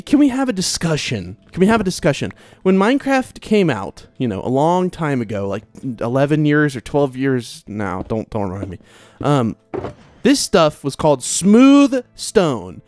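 A man's voice: fairly high pitch, big pitch swings, normal speed, darkish tone, no echo. A young man hosting a game let's play, chatting casually and rambling as he talks straight to viewers. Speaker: Minecraft let's play host. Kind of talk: casual gameplay commentary.

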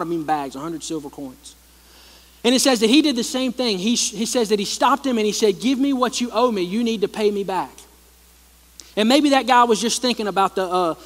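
A man preaching a sermon as pastor, retelling a story in a conversational, animated way with frequent repetitions. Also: sits high, in a large hall. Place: church hall.

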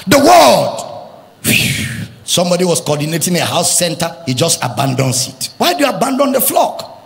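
A male pastor with a Nigerian accent preaching an impassioned sermon, shouting and chanting at the peaks. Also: high voice, very animated, moderate pace, creaky. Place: church hall. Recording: music and long reverb of a big hall.

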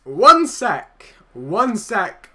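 A young man giving excitable, swearing commentary over his own football video game match, teasing his opponent. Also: sits high, extremely slow, a little hiss or hum. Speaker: gaming YouTuber. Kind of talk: live gameplay commentary.

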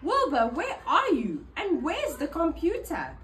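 A woman reading a storybook aloud, putting on the voice of a cheerful, fussy female witch who talks in bright exclamations. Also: fairly high pitch, sing-song, measured pace. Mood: alarmed.

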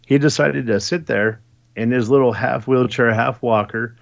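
A man's voice: mid-range voice, normal speed, gravelly, dry recording. A man in casual podcast chat, brash and swearing as he tells stories. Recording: dry, slightly dull sound.

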